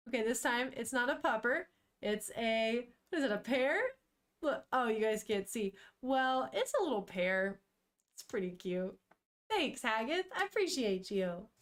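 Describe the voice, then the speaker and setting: Slow-talking, high-voiced chatty young woman. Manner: chatty and animated, swears casually. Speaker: streamer. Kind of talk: reading a manga aloud live to chat.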